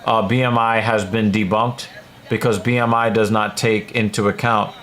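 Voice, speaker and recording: A man's voice: fairly low pitch, flat delivery, moderate pace, a bit bright. A man hosting a livestream, reading viewer comments aloud and giving blunt, casual opinions with plenty of fillers. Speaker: livestream host reading chat.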